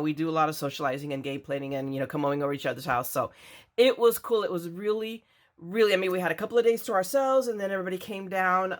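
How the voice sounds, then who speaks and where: An older woman from Latin America, chatting casually and rambling as she unboxes craft supplies for her vlog. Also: on the low side. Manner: chatty, rambling, frequent restarts. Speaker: craft vlogger.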